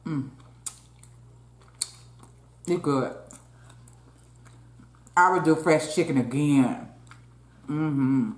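A woman's voice: low-pitched, drawn-out words, pauses often. Chatty woman eating on camera, roomy. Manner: chatty, keeps calling out to viewers, talks between bites. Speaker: mukbang host. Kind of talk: casual eating-show chat. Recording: roomy echo.

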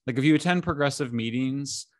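A middle-aged man talking as an interview guest, animated and incredulous, speaking in bursts with frequent restarts. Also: mid-range voice, fairly quick, no room sound, clean studio sound. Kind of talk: conversational interview.

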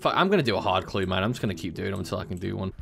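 A young man hosting a gaming video, chatting casually with friends, excitable, swearing and laughing often. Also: deep voice, racing, vocal fry, slightly rough. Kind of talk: casual gameplay chat with friends. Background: game music.

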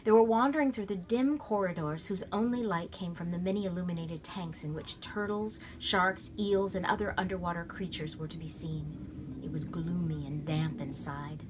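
A woman reading a children's novel aloud at home, in a lively, expressive way. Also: on the low side, normal speed, background noise. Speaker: storybook reader. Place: at home in bed.

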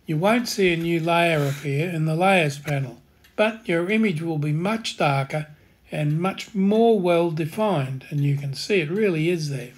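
Man tutorial host, slightly raised pitch, husky, calm step-by-step delivery. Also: a little slow. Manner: calm, plain instructional delivery.

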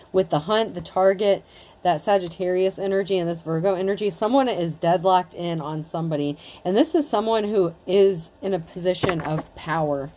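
Chatty woman with a mellow voice. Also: on the low side, slight background noise. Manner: chatty, blunt, swears freely, says like a lot. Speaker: tarot reader. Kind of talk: casual tarot reading monologue.

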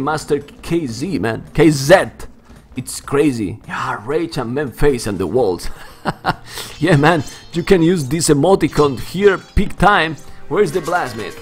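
A young man with a Spanish accent, Spanish his first language, calls a strategy game live in lively, excitable commentary. His voice sits high and swings widely as he gets worked up, and he keeps dropping "man" into his lines. Faint music plays underneath. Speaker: game caster.

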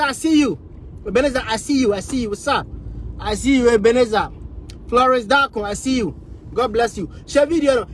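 A man with a Ghanaian accent hosting a podcast, talking in an energetic, casual way and giving shout-outs to listeners. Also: extremely high pitch, slight background noise. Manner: energetic, switches between Twi and English. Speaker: podcast host.

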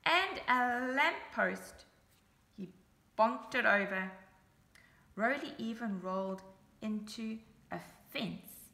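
Woman, children's story reader, slow unhurried delivery, bright tone, gravelly fry, echoey room. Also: on the high side. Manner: animated, chatty asides to young listeners. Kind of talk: children's story read-aloud.

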